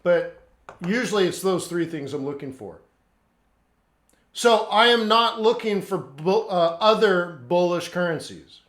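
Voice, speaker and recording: A man runs a live trading class, answering viewers' questions bluntly and hammering his points home. His voice sits fairly high. The sound is roomy and echoey. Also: expressive, a little slow, fairly bright tone. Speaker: forex trading instructor.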